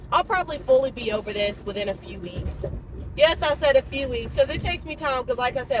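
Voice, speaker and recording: A woman's voice: on the high side, fairly quick, background noise. A woman in her twenties talking casually and expressively to her viewers in a vlog, recorded on a phone while out running errands. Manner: chatty, expressive, talks straight to viewers. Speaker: vlogger.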